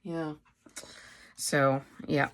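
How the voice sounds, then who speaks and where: Low-voiced, chatty woman rambling over crafts. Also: flat delivery, drawn-out words, a bit bright. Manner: rambling, chatty, full of fillers and self-corrections. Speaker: craft vlogger. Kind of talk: casual show-and-tell chat.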